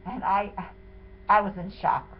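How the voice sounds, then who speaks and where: A woman's voice: mid-range voice, steady tone, unhurried. Woman telling her story all worked up and outraged, sounds tinny like a phone line, faint hiss behind. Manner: indignant, dramatic retelling. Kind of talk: emotional first-person account.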